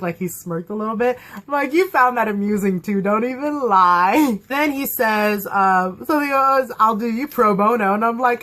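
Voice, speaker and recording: A young woman chatting to camera about a TV episode she loves. She gushes with eager, animated delivery, filling pauses with ums and likes and breaking into laughs. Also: medium pitch. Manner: gushing, animated, lots of fillers and laughter. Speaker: TV episode reviewer. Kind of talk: casual excited fan review.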